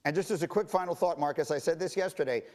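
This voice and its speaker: Male TV host, light voice, brisk panel moderator. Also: on the high side, darkish tone. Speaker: TV show host.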